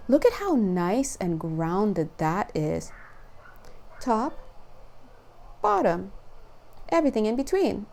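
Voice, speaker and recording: Young woman doing a chill card reading video, kinda high voice but soft and warm, rambly, laughs a lot. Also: slow. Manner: chatty and rambling, laughs often, gets excited. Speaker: spiritual card reader.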